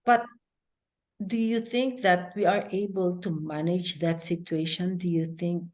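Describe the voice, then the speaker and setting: Slow-speaking woman interviewer. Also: lowish voice, steady tone. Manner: gentle, hesitant questions with many affirmations. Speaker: interview host. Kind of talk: casual conversational interview.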